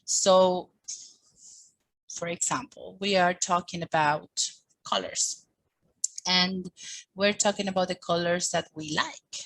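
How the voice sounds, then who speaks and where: A woman giving a teacher training talk, speaking with lively, expressive intonation and acting out little quoted exchanges. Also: lowish voice, slow, pauses often, poor audio. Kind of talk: teaching workshop presentation.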